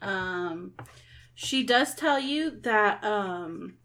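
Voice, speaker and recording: A woman, running a tabletop game as game master, relaxed and hesitant with many ums. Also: medium pitch, drawn-out words.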